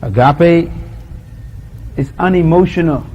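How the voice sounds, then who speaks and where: Animated Bahamian preacher, slightly high voice. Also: male voice, slow, lo-fi sound, slight background noise. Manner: animated storyteller, acts out voices, laughs often. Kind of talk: sermon with acted-out anecdotes.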